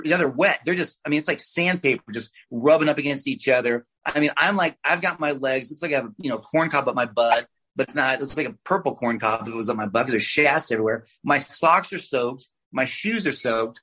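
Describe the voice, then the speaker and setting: A man in his forties from Oklahoma, a guest telling lively, salty stories from his childhood in a casual interview. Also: fairly high pitch, breathy edge, low-quality recording. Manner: animated, swears, acts out quoted voices. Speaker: guest, oral surgeon.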